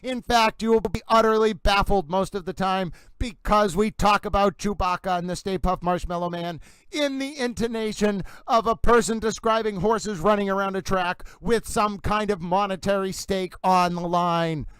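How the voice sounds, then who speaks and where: A man's voice: high voice, moderate pace, a bit bright, smooth, no echo, poor audio. A man hosting a livestream, commenting on a trial in a playful, theatrical mock horse-racing announcer style. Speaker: livestream host.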